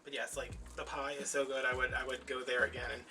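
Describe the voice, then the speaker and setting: A man's voice: medium pitch, flat delivery, fast talker, creaky, sharp tone, soft background music. A man chatting casually while he makes a craft, telling stories and acting out the voices of people in them. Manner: chatty storyteller, acts out quoted voices. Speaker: crafting vlogger.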